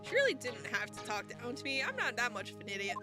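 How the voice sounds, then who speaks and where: A woman's voice: a little high, sing-song, fast talker. A woman reading a game aloud, voicing a young male lawyer's dry, wry inner monologue in her own voice. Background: game music.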